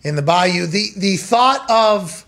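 A man's voice: high-pitched, lively intonation, slow pace, a bit bright. A man in his thirties hosting a casual sports talk show, rambling and joking with plenty of swearing. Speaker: host.

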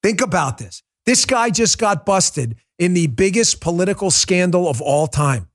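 Fiery, high-pitched male political host. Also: animated, moderate pace. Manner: fiery, emphatic, repetitive ranting. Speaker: political commentary show host. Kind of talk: heated political monologue.

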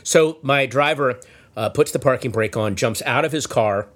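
A man telling a comic story in casual chat, acting out the shouted lines of the people in it. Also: medium pitch, normal speed. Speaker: storyteller guest.

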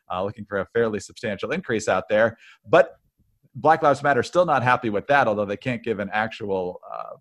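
A man's voice: medium pitch, a bit bright. Dry, conversational male podcast co-host. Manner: conversational, dry, with filler words. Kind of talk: political commentary chat.

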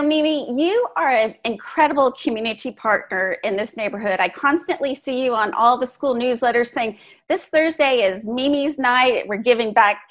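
A woman co-hosting a show, asking curious, earnest questions in a casual interview. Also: on the high side. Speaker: show co-host.

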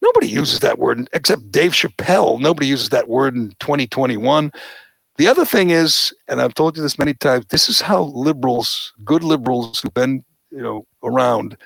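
A man's voice: mid-range voice, moderate pace, gravelly, no room sound. A man hosting a podcast, giving opinionated political commentary and mocking the people he quotes. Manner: animated, mocking quoted voices. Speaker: podcast host.

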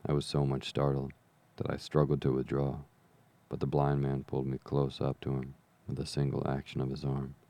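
A man reading an adventure novel aloud as an audiobook narrator, in measured, even storytelling. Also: rumbling low. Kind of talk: scripted narration.

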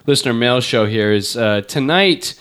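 A man's voice: mid-range voice, lively intonation, normal speed, fairly bright tone, smooth. A man hosting a podcast in casual chat, rambling and joking with many fillers. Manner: rambling, jokey, lots of fillers. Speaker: podcast host.

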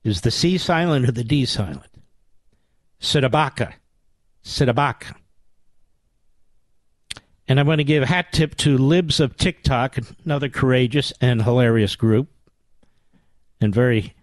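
A man delivers a political radio monologue in a combative, sarcastic way. His voice sits at a middle pitch and comes through a dry, close studio mic. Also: animated, moderate pace, long pauses, dry recording. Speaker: radio talk show host.

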